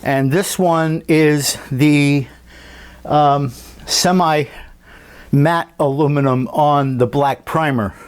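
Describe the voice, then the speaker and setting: Slow-talking man at his workbench. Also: fairly high pitch, steady tone, smooth. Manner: unhurried, thinking aloud with frequent fillers and restarts. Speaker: scale model builder. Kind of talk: casual hobby workshop walkthrough. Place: home workbench.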